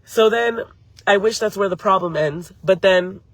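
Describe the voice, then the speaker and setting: A woman's voice: mid-range voice, moderate pace, dry recording. A woman hosting her channel, telling a story live to viewers in a heated, profane way and stopping to answer chat comments. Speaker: beauty channel host. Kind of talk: live-streamed story time.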